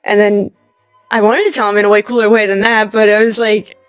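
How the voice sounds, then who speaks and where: A young adult woman telling a personal story as an interview guest, acting out what people said to her with lively voices and laughing often. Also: mid-range voice, fairly quick, smooth, dry recording, faint music behind. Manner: animated retelling, acting out quoted lines, laughing often.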